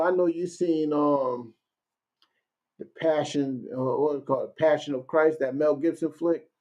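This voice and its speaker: A man leading a casual streamed Bible class, talking conversationally and reading verses out slowly. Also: a little high, mellow, highs cut off. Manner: conversational, keeps asking "you know what I'm saying"; reads verses slowly and deliberately.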